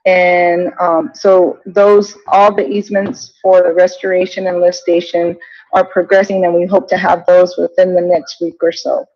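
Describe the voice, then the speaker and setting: A woman giving a project update at a village council meeting, halting, with many ums and restarts. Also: lowish voice, little pitch movement. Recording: dull lo-fi meeting audio.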